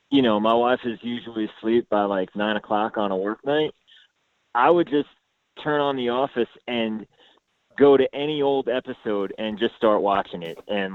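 A man's voice: mid-range voice, dry recording, narrow, tinny audio. A man guest on a podcast, chatting enthusiastically with lots of fillers. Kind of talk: casual chat.

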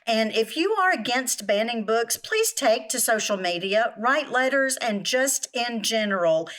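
A woman's voice: fairly high pitch, expressive, unhurried, fairly bright tone. A woman co-hosting a casual podcast, speaking emphatically, often repeating words and drifting off topic. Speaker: podcast co-host. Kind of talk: casual chat.

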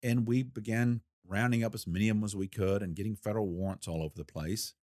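A man's voice: fairly low pitch, fairly even intonation, a little mellow, no room sound, studio quality. Older man spinning a folksy true-crime tale. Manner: folksy, unhurried storyteller with a wry laugh. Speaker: retired federal investigator recounting a case. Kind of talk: storytelling interview.

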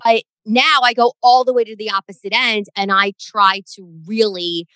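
A woman's voice: mid-range voice, steady tone, normal speed, bright, forceful tone, smooth, no echo, poor audio. A middle-aged woman co-hosting a casual podcast, emphatic and exasperated as she complains about grammar slips. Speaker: podcast co-host.

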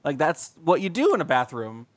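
A man's voice: on the high side, wildly swooping pitch, brisk, dry recording, studio quality. A young man co-hosting a comedy podcast, telling crude, rambling stories full of swearing. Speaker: podcast co-host. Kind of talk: casual comedic chat.

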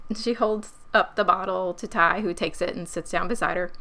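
A woman's voice: lowish voice, fairly even intonation, normal speed, hardly any pauses, bright, forceful tone. A woman co-hosting a casual podcast, chatting in a rambling, self-deprecating way. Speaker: podcast co-host. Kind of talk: casual chat.

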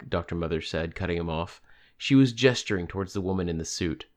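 A man narrating an audiobook in a steady, even reading. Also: sits low, a little fast. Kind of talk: scripted narration.

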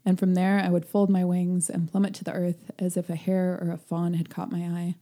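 A wise old chained bird, read aloud by a woman, speaks quietly and wistfully in a low, mellow voice. It is a storybook reading with almost no put-on voice. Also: monotone, brisk, lightly acted.

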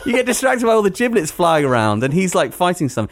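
A man hosting a podcast, reviewing a film in a rambling, animated way with plenty of hedging fillers. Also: high voice, fast, no room sound. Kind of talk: casual podcast chat.

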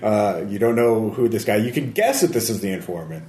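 Lively man running a tabletop game. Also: fairly low pitch, fairly quick. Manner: lively, laughs often, many fillers. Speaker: game master. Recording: roomy echo.

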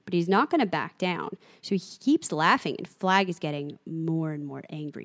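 Lower-voiced woman discussing a book. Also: normal speed, hardly any pauses, no echo, studio quality. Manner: animated, reads book passages aloud. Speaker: podcast co-host. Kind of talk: casual book and show discussion.

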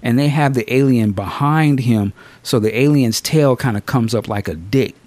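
A man hosting a podcast, reviewing a film in casual, slangy, profane chat with animated storytelling. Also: mid-range voice, moderate pace, no room sound. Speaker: podcast host.

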